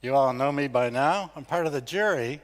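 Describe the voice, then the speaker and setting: In a large hall with long reverb, an older man from the United States, the founder of a competition, gives a conference speech at an award ceremony. He talks briskly in a mid-range voice, keeping things conversational and poking fun at himself.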